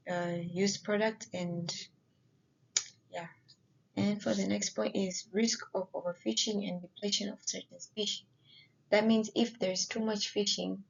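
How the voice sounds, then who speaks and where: A woman giving a slide presentation, halting and often filling pauses with "you know". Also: medium pitch, gravelly, lo-fi sound.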